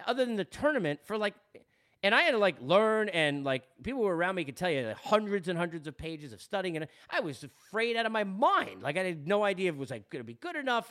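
He has a high-sitting, slightly bright voice and a Long Island New York accent. As a podcast host, he talks candidly and earnestly in a personal monologue, repeating words often.

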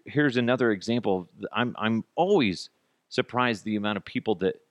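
A man's voice: lowish voice, no echo, studio quality. A man hosting a podcast alone, giving blunt, profane, sarcastic commentary. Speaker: podcast host. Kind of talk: solo commentary.

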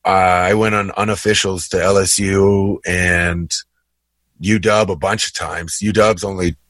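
A man in his thirties with a fairly low voice, trading stories on a podcast in a relaxed, slangy way. He sounds dry and close to the mic. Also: a little slow, no echo. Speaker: podcast co-host, former college basketball player. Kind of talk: casual chat.

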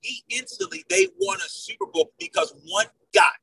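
A man co-hosting a sports talk show, arguing loudly and emphatically, hammering his points home with repeated phrases. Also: very high-pitched, wildly swooping pitch, normal speed, creaky, distant mic, poor audio. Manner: loud, emphatic, repeats "I'm telling you right now". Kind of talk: heated sports debate.

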